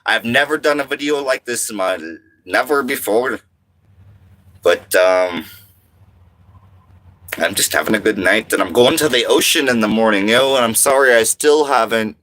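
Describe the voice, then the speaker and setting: A man's voice: medium pitch, sharp tone. A man in his thirties from French Canada, chatting casually on a livestream, rambling and reading viewer comments aloud. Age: 30s. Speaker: livestream host.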